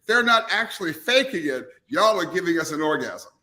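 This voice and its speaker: A man's voice: a little high, very animated, brisk, bright, forceful tone. A man co-hosting a casual show, playful and campy, talking emphatically with his co-host. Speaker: podcast co-host. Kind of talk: casual chat.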